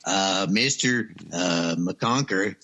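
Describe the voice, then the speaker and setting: Low-voiced Louisiana man, bright tone, rambling comic guest. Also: very slow. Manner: rambling, hesitant, mangles names. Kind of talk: comedic radio interview.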